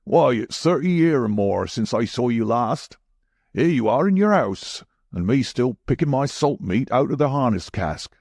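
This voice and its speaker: A man's voice: medium pitch, big pitch swings, normal speed, gravelly, darkish tone, no room sound, clean studio sound, pitched above the performer's own voice. A man voicing a crafty, sinister old sailor who talks in coarse seaman's speech. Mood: sly.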